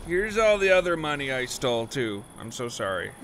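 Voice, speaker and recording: A man's voice: medium pitch, sing-song, normal speed, very noisy, voice pushed down. Man putting on a cowardly cartoon mugger. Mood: scared. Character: cowardly male street mugger.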